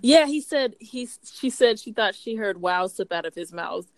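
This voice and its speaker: A woman's voice: mid-range voice, animated, moderate pace, no room sound. A woman co-hosting a podcast, casually recapping a story and quoting the characters. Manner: chatty, quotes characters with laughs. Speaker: podcast co-host.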